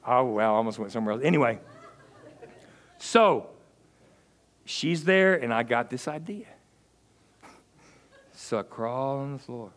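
A middle-aged man, a pastor preaching and telling humorous personal stories. He swings between loud preaching and hushed, confiding asides. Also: medium pitch, expressive, measured pace, long pauses. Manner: humorous storyteller. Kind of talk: sermon with personal storytelling.

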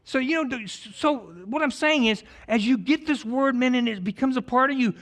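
A middle-aged pastor preaching in a rather high voice. He jokes, stumbles into restarts and swings between loud bursts and soft asides as he rambles through his sermon. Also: normal speed. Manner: joking, animated, rambling with many restarts.

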